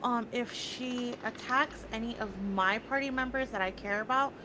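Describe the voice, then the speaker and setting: A woman's voice: fairly high pitch, normal speed, noisy background. A woman playing a tabletop game over voice chat, playful and teasing with her questions. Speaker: player. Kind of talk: casual tabletop game play.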